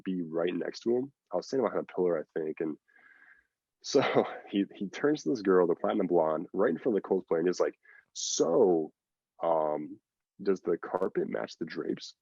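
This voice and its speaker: A man's voice: low-pitched, expressive, moderate pace, gravelly, dark tone, slightly rough, no room sound, highs cut off. A man guest on a podcast, telling a long story in a rambling, casual way with lots of fillers and acted-out quotes. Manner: rambling, filler-heavy, acts out quoted lines.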